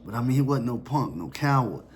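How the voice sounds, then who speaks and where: A man's voice: medium pitch, lively intonation, slight background noise. Somber man recalling a painful memory. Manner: somber, reflective, slow and halting. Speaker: storyteller. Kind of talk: personal storytelling.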